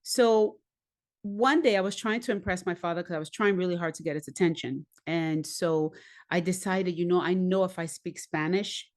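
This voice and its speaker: A middle-aged woman who grew up in the United States, telling personal stories in a candid, animated way and acting out the voices of people she quotes. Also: on the low side, normal speed. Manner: animated, acts out voices and laughs often. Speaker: podcast guest, singer.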